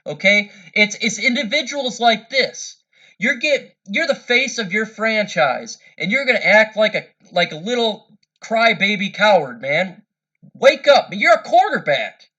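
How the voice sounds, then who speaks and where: In lo-fi audio, an adult man older than a 13-year-old's parent vents as a fan commentator in a heated sports rant. His high voice is expressive, pushed and bright, and unhurried, and he keeps repeating himself and stammering over restarts.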